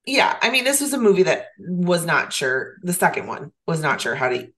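A woman's voice: on the low side, very animated, moderate pace, a bit bright. A woman co-hosting a casual movie podcast chat, opinionated and blunt, with frequent ums. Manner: opinionated, fillers like um. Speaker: podcast co-host.

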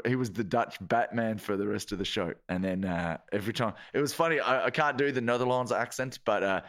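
A man's voice: mid-range voice, a bit bright. Joking Irish man hosting a podcast. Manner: joking, acts out bits in put-on voices. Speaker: podcast host. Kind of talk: casual comedy chat.

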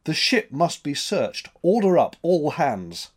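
A man voicing a gruff, skeptical male sea captain in a spoken story, brusque and commanding. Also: on the high side, very animated, slow, full character voice.

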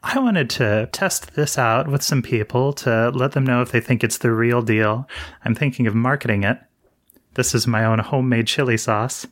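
A man's voice: medium pitch, moderate pace, natural voice. A man playing an odd, scheming male chef with a salesy, confiding way of talking.

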